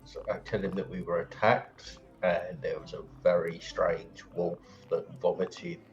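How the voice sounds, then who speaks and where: A man's voice: low voice, flat delivery, measured pace, dull audio, faint music behind. A man playing a tabletop game, speaking in an earnest, matter-of-fact way. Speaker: player.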